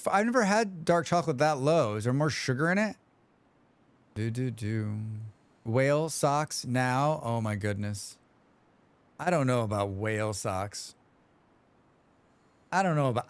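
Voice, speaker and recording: A man's voice: mid-range voice, clean tone, dry recording. A man streaming a game live, chatting loosely with his viewers, humming to himself between comments. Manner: rambling, humming to himself, reading chat aloud. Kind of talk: casual live-stream chat.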